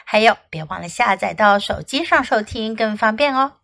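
A woman hosting a children's English lesson, encouraging and sing-song, repeating phrases slowly. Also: on the high side, animated, gravelly, fairly bright tone, no room sound. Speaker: English teacher and podcast host.

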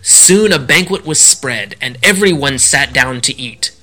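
A man reads a children's folk tale aloud in a sing-song, animated way. His voice is bright and forward and swoops widely in pitch, with faint music playing underneath. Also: a little slow. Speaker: storyteller. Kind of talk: children's story reading.

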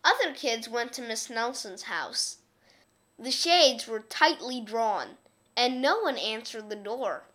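A woman reading a children's picture book aloud in an expressive, unhurried way. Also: on the high side. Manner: expressive, slow, lively reading. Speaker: storyteller.

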